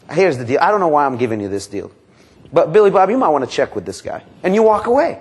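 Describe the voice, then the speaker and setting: A man's voice: quick pace, husky. A man leading a live sales training seminar, quizzing his audience and acting out sample calls to customers and banks. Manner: energetic, quizzes the audience with questions; acts out sample phone calls and pitches.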